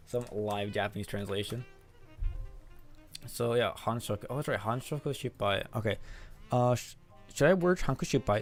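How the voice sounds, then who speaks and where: A man with a medium-pitched voice streams live, casually chatting with his chat while translating manga. He laughs a lot, swears, and addresses people as "dog" and "man."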